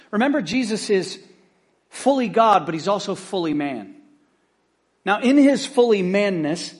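A man preaching a casual sermon, talking to his congregation in a relaxed, conversational way. His voice sits high for a man, and his telling of the story is animated. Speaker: pastor.

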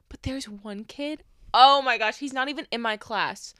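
A young woman co-hosting a casual podcast, telling animated stories with plenty of laughter. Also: a little high, moderate pace, smooth, dry recording, clean studio sound. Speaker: podcast co-host. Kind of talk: casual chat. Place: small home studio room.

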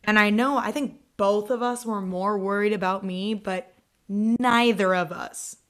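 A woman's voice: medium pitch, measured pace, a bit bright. An American woman co-hosting a history podcast in casual, jokey chat, laughing often. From United States. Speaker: podcast co-host.

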